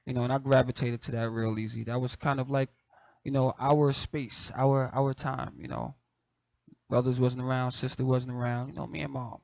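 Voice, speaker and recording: A middle-aged man with a light Southern accent hosts his show, talking in a relaxed, conversational way full of "you know" and soft laughs. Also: medium pitch, moderate pace, gravelly, no room sound. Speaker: host. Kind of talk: casual reflective monologue.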